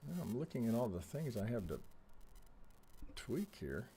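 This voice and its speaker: A man's voice: medium pitch, big pitch swings, moderate pace, mellow, a little hiss or hum. A man hosting a trading live stream, talking casually and bluntly with frequent swearing, close to a desk mic. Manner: blunt and profane, thinking aloud while troubleshooting.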